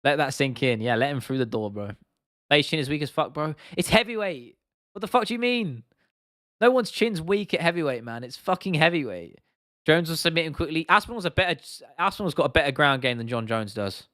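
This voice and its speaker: A man's voice: a little high, lively intonation, brisk, sharp tone, dry recording, studio quality. A young man from England hosting a casual livestream, talking bluntly and swearing freely while reacting to viewer comments. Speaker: livestream host.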